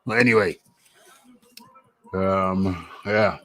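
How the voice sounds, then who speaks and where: A man's voice: mid-range voice, animated, unhurried, long pauses, pushed and bright. A man hosting a casual talk show, telling a story with laughs and repeating his punchlines. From England. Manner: laughing, repeats lines for effect. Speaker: host. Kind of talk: casual banter.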